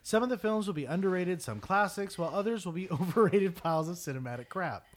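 A man's voice: high-pitched, fast. A man hosting a movie podcast with friends, reading the show intro and often breaking into laughs. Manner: laughs through lines, lively and animated. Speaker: podcast host. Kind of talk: casual podcast chat and scripted intro.

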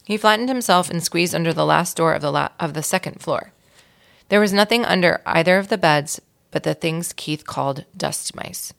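A woman with a low, gravelly voice reads a children's chapter book aloud. She tells it expressively, as a guest reader for young listeners. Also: brisk, fairly bright tone.

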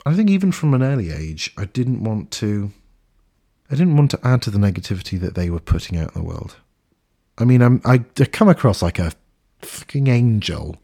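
A man's voice: on the low side, big pitch swings, normal speed, mellow. A man hosting a podcast, talking in a candid, earnest and reflective way, swearing now and then. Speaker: podcast host. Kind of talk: reflective casual podcast talk.

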